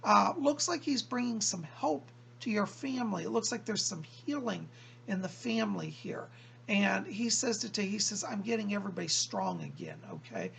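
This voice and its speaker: A man speaks with a heavily gravelly, fry-laden voice, and his pitch rises and falls with animated swings. He acts as a psychic medium, relaying a spirit's messages to a viewer and repeating "he said" as he quotes them in slow, stretched-out phrases. A faint hum sits behind him. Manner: keeps quoting the spirit with "he said".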